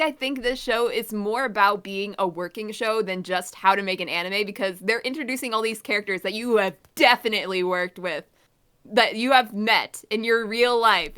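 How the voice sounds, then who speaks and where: A woman's voice: mid-range voice, pushed and bright, clean tone. A woman co-hosting a podcast in casual chat, ranting in an exasperated, blunt way. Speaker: podcast co-host.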